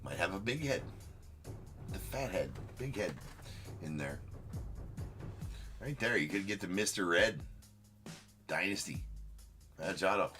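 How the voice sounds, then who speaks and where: A man with a very deep, bright and forceful voice hosts a live card-breaking stream. He jokes and teases a viewer through loose, chatty commentary, with faint music in the background. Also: lively intonation, measured pace, pauses often. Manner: joking, teasing banter aimed at a viewer.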